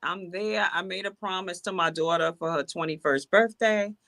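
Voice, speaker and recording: A woman's voice: lowish voice, moderate pace, a bit bright, no echo. A woman, a guest singer-songwriter, chatting on a video call in a grateful, giggly way. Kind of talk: casual interview chat.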